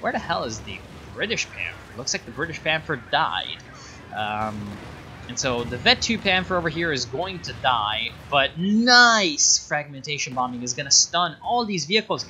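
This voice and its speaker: A man's voice: fairly high pitch, big pitch swings, moderate pace, pushed and bright, slight background noise. A man casting a strategy game replay in a sarcastic, rambling way, full of fillers and asides. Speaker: game caster. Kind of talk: casual game commentary.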